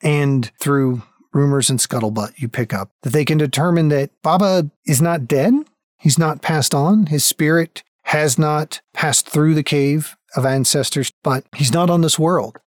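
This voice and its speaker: A man's voice: a little high, a little slow, dry recording, clean studio sound. Man narrating a tabletop game. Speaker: game master.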